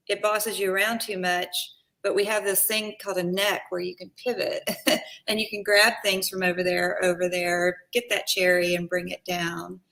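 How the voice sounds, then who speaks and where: Upbeat lady painter guest, bright sharp voice, laughs a lot, says like constantly. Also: mid-range voice, vocal fry. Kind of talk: casual art talk.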